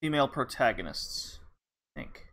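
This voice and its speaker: A podcast host chats about games in a loose, rambling way, filling his talk with lots of fillers. His medium-pitched voice is fairly bright and sing-song, moving at a normal speed.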